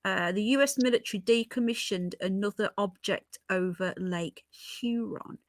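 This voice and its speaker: A woman's voice: medium pitch, moderate pace, no echo. A middle-aged British woman hosting a casual livestream, reading out news and greeting viewers as she rambles along. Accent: British English. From Britain. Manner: chatty, rambling, greets viewers mid-sentence. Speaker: livestream host.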